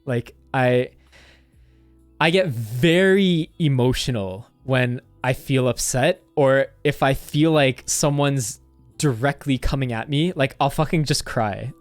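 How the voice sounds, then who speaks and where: A man's voice: medium pitch, no echo. A young man streamer casually telling a story, rambling with constant "like" fillers and swearing.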